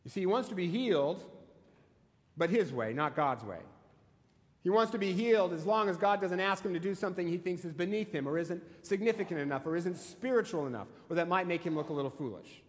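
Brief: male pastor, high voice, emphatic storyteller, long hall reverb. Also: expressive, brisk. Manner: emphatic storytelling with rhetorical questions. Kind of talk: sermon.

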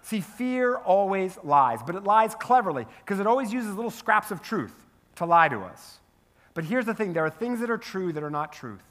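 A man, a pastor, preaching a sermon in church, telling stories and often asking "right?". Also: high voice. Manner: storytelling, animated, asks the crowd "right?". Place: church sanctuary.

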